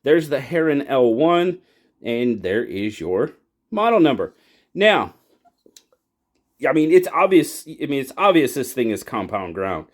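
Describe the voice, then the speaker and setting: A man's voice: mid-range voice, big pitch swings, unhurried, pauses often. A man hosting his own channel, chatting enthusiastically through a casual product review and exclaiming over the details. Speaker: knife reviewer and channel host.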